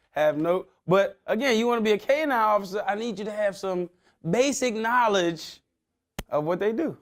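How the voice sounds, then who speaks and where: A man's voice: sits high, lively intonation, normal speed. A man giving a motivational talk, quizzing his young audience in casual slang. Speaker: motivational speaker.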